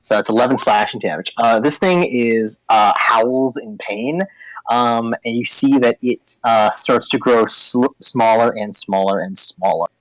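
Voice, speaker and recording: A man running a tabletop game as dungeon master, talking haltingly with many ums and uhs. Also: mid-range voice, a bit bright, no room sound, poor audio.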